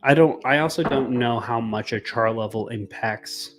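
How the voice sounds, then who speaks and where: A man in casual chat at a whiskey tasting, relaxed and tipsy, going hoarse as he talks about flavors. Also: mid-range voice, moderate pace, noisy background. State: losing his voice.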